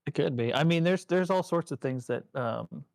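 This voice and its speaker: A man's voice: on the high side, normal speed, gravelly, darkish tone, no room sound, clean studio sound. A man co-hosting a movie podcast, easygoing and agreeable in casual chat. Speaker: podcast co-host.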